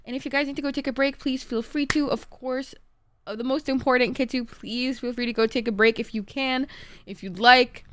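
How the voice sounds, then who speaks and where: A woman's voice: high-pitched, fairly even intonation, fairly quick, fairly bright tone, dry recording. A young woman streaming a game live, stressed, swearing and chatting with her viewers. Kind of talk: live gameplay commentary.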